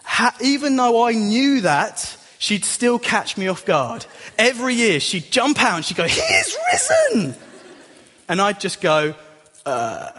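A man's voice: high voice, animated, unhurried, a bit bright. A young man giving a chatty, self-deprecating sermon as a youth leader in a church. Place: church hall. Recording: long hall reverb.

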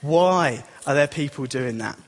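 High-voiced young preacher. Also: male voice, unhurried. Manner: chatty and self-deprecating. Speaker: youth leader preaching. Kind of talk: sermon. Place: church hall. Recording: long hall reverb.

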